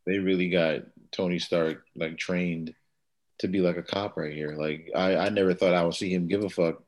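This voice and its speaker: Very deep-voiced casual man. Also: steady tone, normal speed, darkish tone. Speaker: podcast co-host. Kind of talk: casual chat.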